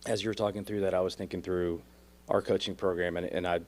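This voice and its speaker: A man's voice: deep voice, level tone, fast talker, a little mellow. A man with a Texan accent who coaches real estate agents, reflecting on his coaching on a podcast. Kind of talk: podcast conversation.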